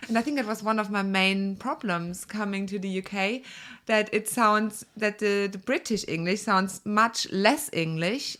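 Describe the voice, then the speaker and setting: A woman's voice: mid-range voice, a little slow, a bit bright. German-accented woman chatting on a podcast. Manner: chatty, laughs often, searches for words. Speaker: podcast guest. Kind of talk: casual chat.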